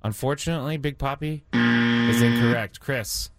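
A man's voice: mid-range voice, moderate pace. A man hosting a call-in sports trivia game on the radio, teasing and playful with callers and his co-host. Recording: music bed behind.

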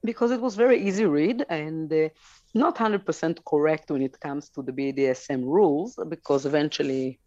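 A woman's voice: low voice, normal speed, a little mellow, no echo, lo-fi sound. A woman on a talk show giving frank sex advice, laughing easily between points. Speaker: sex educator guest.

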